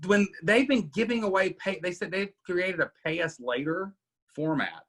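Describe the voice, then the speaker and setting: Forceful husky-voiced man coaching. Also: high-pitched, animated, moderate pace. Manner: emphatic, asks "right?" often. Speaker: podcast host coaching members. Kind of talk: casual coaching Q&A.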